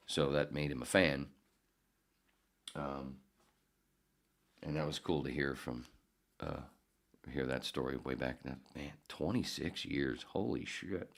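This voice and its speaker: A man's voice: extremely low pitch, slow pace, creaky, pauses often. A man in his fifties, a podcast host and former radio producer, tells rambling stories in a profane, digressive way, often correcting himself. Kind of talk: casual rambling storytelling.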